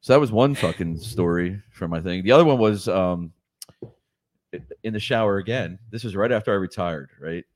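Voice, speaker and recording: A man's voice: sits low, normal speed, a little mellow, a little hiss or hum. A man in his forties telling crude, rambling stories as a podcast host, swearing constantly and laughing often. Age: 40s. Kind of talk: crude casual storytelling.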